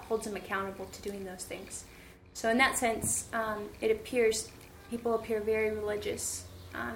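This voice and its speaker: A woman, a guest in an interview, who tells stories chatty and animated, full of fillers. Her voice sits at a middle pitch and the room echoes around her. Faint room ambience runs beneath. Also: slight background noise. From United States. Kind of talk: conversational storytelling.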